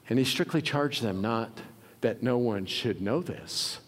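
A male pastor delivers a sermon in a casual, conversational voice, pitched in the middle for a man. He acts out the people in the story and sinks to a hush when he wants a point to land. The sound carries a long hall reverb, as in a church sanctuary. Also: a little slow. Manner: conversational preaching, acts out quoted voices, drops to a hush for emphasis.

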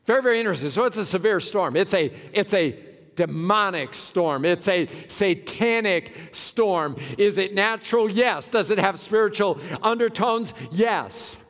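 A man preaching a sermon as a pastor, dramatic, swinging from loud cries to hushed words, in a church sanctuary. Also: sits high, lively intonation, normal speed. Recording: long hall reverb.

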